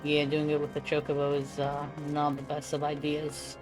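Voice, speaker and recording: A woman's voice: low voice, monotone, normal speed, music in the background. A woman streamer giving chatty, self-amused commentary while playing a game. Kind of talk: casual gameplay commentary.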